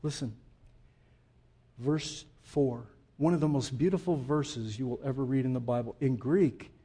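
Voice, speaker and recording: A male pastor preaching a sermon, swinging from hushed, slow passages to loud, emphatic declarations in a church. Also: medium pitch, husky.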